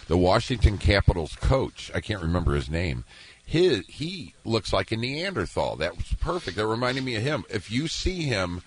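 A man's voice: fairly low pitch, very animated, moderate pace, breathy edge. A male radio co-host joking around in casual banter.

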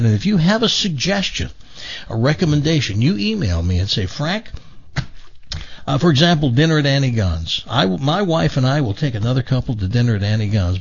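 A man's voice: mid-range voice, creaky, breathy edge, muffled recording. A man hosting a talk radio show, chatting folksily with plenty of fillers and telling a joke.

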